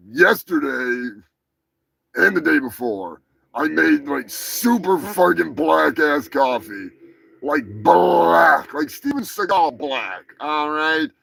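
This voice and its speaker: A man hosting a live show, ranting in a rambling, crude, jokey way and bursting into shouts. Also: a little high, vocal fry. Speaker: show host. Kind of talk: profane casual live-stream rant.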